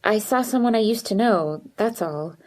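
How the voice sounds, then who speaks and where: A woman voicing a nervous, withdrawn teenage girl who speaks in a quiet, hesitant way. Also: mid-range voice, animated, normal speed, voice pushed up, lightly acted.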